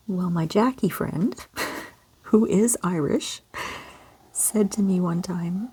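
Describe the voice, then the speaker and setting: A gentle, encouraging woman from Canada, talking kids through a step-by-step drawing lesson in a soft voice. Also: mid-range voice, a little slow, husky. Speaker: children's art teacher.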